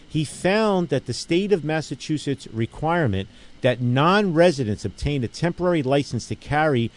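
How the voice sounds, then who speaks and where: A man's voice: fairly high pitch, lively intonation, moderate pace. A middle-aged man hosting a casual radio talk show, talking emphatically and rambling through stories with many restarts and frequent "okay?" check-ins. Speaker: radio show host and gun range owner.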